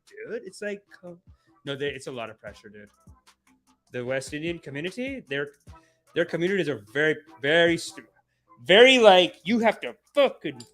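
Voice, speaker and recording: Animated, slangy comedy podcast host man. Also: on the high side, fairly quick, faint music behind. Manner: animated, rambling, slangy, often laughing. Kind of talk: casual comedy livestream chat.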